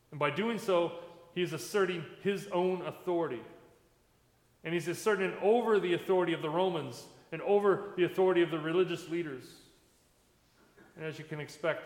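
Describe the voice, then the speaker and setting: A man, a pastor, giving a sermon in a conversational preaching manner, recorded in a church sanctuary. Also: on the high side. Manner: conversational preaching with plain everyday comparisons. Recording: echoey church hall with long reverb.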